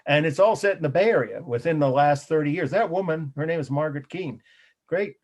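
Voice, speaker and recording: A man's voice: on the high side, a little fast, darkish tone. Rambling man giving a college lecture. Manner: rambling, self-correcting, conversational. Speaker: college art history instructor. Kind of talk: live class lecture.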